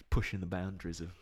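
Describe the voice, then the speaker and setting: A man in his thirties co-hosting a casual chat, telling stories with frequent laughs and quick impressions of people. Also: lowish voice. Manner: chatty storyteller, laughs often, mimics people. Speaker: podcast co-host.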